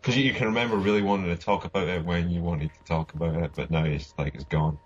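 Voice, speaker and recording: Deep husky guy rambling through game commentary, keeps restarting his sentences. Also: steady tone, quick pace, muffled recording. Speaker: let's play commentator.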